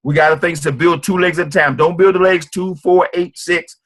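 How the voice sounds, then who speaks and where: Man, motivational sales presenter, emphatic, repetitive, fairly high voice. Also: steady tone, normal speed, fairly bright tone. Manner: emphatic and repetitive, preacher-like drive. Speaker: presenter at a business meeting.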